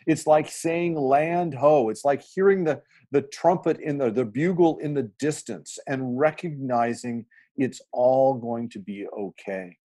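A man's voice: medium pitch, dark tone. A man, a pastor, talking earnestly in a reflective podcast, telling stories with frequent restarts.

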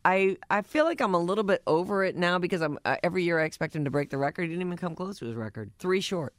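A man's voice: high voice, animated, racing, dry recording. Wry man in casual banter. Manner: wry, chatty, trails off mid-sentence. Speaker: radio show host. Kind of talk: casual morning-show banter.

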